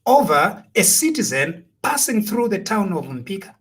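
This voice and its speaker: Zambian guy ranting about politics, high-ish voice, preachy, lots of rhetorical questions. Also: very animated, normal speed, fairly bright tone. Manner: preachy, rhetorical, switching between Bemba and English. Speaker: political commentator. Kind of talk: impassioned commentary.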